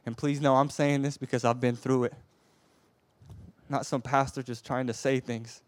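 A man preaching a sermon with passion, swinging from loud urging to a soft hush and often stammering and repeating words. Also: medium pitch, level tone, normal speed, no room sound.

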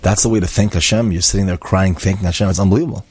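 A man telling an inspirational story in a lively way, acting out the voices of the people in it and mixing in Hebrew and Yiddish words. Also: low voice, racing, slightly rough, dry recording. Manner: animated, acts out quoted voices, drops in Hebrew and Yiddish words.

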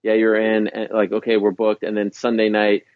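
A man's voice: fairly low pitch, monotone, moderate pace, smooth, no echo, phone-quality sound. A man guesting on a podcast, chatting casually and emphatically about his own show. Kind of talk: casual interview chat.

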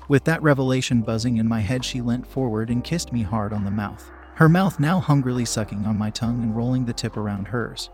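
A man narrating a first-person story aloud in a slow, hushed reading voice. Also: mid-range voice, faint music behind.

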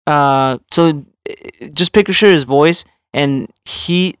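A young man rambles through a casual podcast chat, piling up fillers and restarts. His voice is smooth and clean and sits a little high. The sound is close and dry. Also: takes it slowly, no echo. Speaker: podcast co-host.

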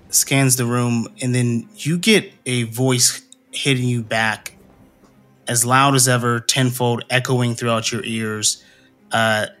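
A man's voice: medium pitch, fairly bright tone. A man narrating a tabletop game as game master, hesitant and full of ums and uhs.

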